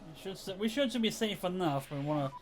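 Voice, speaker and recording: Streamer, man, slightly high voice, casual think-aloud game commentary, faint music bed. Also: expressive, fast talker. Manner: thinking aloud, frequent restarts and chuckles.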